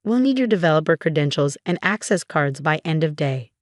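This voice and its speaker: A woman's voice: deep voice, animated, fairly quick, no room sound. Woman doing a fake-nice hr lady, all practiced politeness, dry close sound. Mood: falsely sweet. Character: falsely cheerful HR woman.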